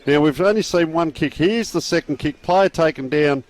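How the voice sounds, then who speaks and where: Male Australian sports caller, easygoing chat, slightly raised pitch. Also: normal speed. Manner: chatty, relaxed, folksy asides. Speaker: football commentator. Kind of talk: live sports commentary.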